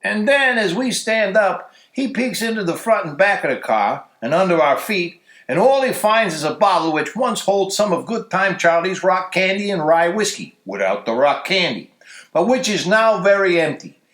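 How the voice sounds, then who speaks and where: A man reading a story aloud for a church story hour, telling it in a lively, expressive way, recorded in a church. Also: high-pitched, moderate pace, echoey room. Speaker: story reader.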